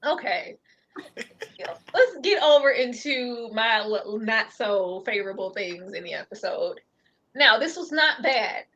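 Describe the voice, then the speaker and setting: Lively high-voiced woman laughing through a review. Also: unhurried, muffled recording. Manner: animated, laughs often, acts out characters. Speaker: co-host of a TV review show. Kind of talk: casual review chat.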